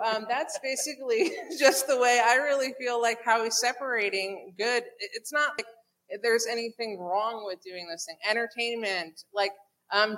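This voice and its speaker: A woman sharing a personal faith testimony to a group, halting with many restarts and fillers. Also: medium pitch, fairly bright tone, rough recording.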